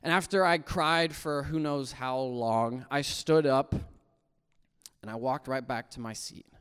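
A young man giving an earnest personal faith testimony, swinging from hushed to loud and emotional. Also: medium pitch, steady tone, unhurried, clear, resonant tone, long reverb tail. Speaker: testimony speaker.

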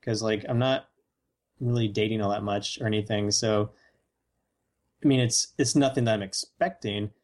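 Deadpan joking man. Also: fairly low pitch, moderate pace, long pauses. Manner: deadpan wisecracks, mock quotes. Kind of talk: casual comedic chat.

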